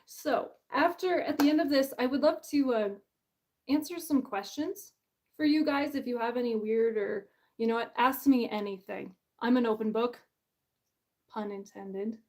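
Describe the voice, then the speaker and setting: A woman author hosts her own book launch in a casual livestream chat, bubbly and self-deprecating, laughing often. Her voice is a little high and a little mellow, at a normal speed.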